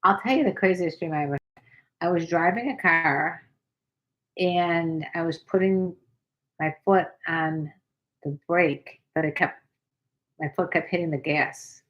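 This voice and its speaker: A woman's voice: lowish voice, a little slow, long pauses, muffled recording. Chatty older woman hosting a livestream. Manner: chatty, reads comments aloud, frank and playful. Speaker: livestream host. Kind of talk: casual livestream chat reading viewer comments.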